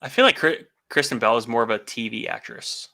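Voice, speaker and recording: Man, podcast co-host, casual chat, gravelly voice, jokey, halting fillers. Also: mid-range voice, pushed and bright. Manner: jokey, many filler pauses.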